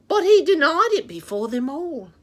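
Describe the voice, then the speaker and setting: A woman doing a chatty, high-voiced rooster. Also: big pitch swings, normal speed. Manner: sing-song, rhyming, talks straight to kids. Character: chatty rooster puppet reading Bible stories to kids. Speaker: children's Bible storyteller. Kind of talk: children's show reading.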